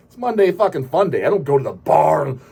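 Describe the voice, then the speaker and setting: A man hosting his own channel, delivering a brash, profane rant full of emphatic swearing and sudden loud bursts. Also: a little high, sing-song, quick pace, creaky, slightly rough. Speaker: channel host. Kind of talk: profane ranting monologue.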